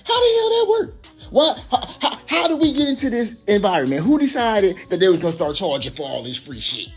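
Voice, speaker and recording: Animated male ranter, incredulous, lively pitch, faint music under. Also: a little fast. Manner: animated, incredulous, laughing ranting. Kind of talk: comedic rant.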